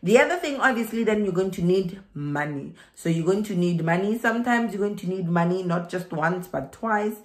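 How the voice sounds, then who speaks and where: South african woman chatting advice to camera, repeats stuff, lowish voice, roomy echo. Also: lively intonation, moderate pace, few pauses. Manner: chatty, laughing asides, emphatic repeats. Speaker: vlogger giving migration advice. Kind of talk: casual advice vlog.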